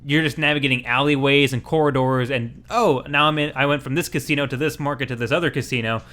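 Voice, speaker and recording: A man's voice: medium pitch, fairly even intonation, quick pace, pushed and bright. A man co-hosting a gaming podcast, talking casually and rambling with many fillers. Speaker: podcast co-host.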